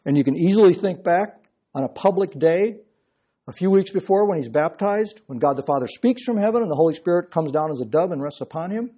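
Husky, mellow-voiced male preacher. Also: sits high, expressive, brisk. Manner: emphatic, explanatory. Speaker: pastor. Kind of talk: expository sermon.

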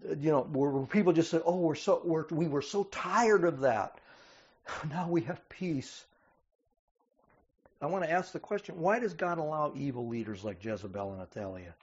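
A man's voice: fairly high pitch, a little mellow, slightly rough, highs cut off. A man preaching a sermon, reading scripture aloud and explaining it with dramatic emphasis. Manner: dramatic, rising emphasis on quoted cries.

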